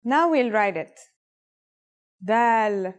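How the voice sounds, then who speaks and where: A woman's voice: on the high side, lively intonation, extremely slow, highs cut off. Upbeat woman teaching a language lesson. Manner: clear, upbeat instructional delivery. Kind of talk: scripted lesson narration.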